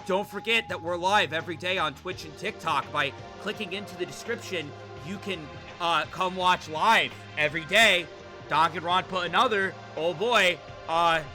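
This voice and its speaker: A young man streaming a game, riffing excitedly to his chat and swearing freely at a desk mic. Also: high voice. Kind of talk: gaming livestream commentary.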